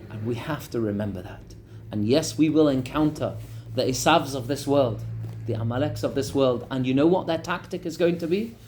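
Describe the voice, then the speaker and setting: A man teaching a class as a rabbi, telling a story in an animated way and talking directly to his audience. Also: medium pitch, moderate pace, a little hiss or hum. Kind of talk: storytelling lesson.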